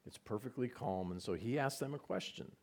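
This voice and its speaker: A man's voice: mid-range voice, a little fast. A man preaching a conversational sermon, retelling scenes with repetition and side remarks. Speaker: pastor.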